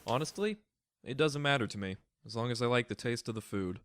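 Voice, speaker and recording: A woman voicing a blunt, aloof young male senior student from a dating game, speaking in a flat, dismissive way. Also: rumbling low, a little fast, voice pushed down. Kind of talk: reading an otome game aloud.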